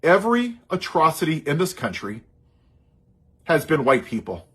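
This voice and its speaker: A man's voice: fairly high pitch, very animated, moderate pace, a bit bright, husky. A man giving an impassioned, sarcastic political monologue. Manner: sarcastic, heated, mocking asides. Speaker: social media commentator.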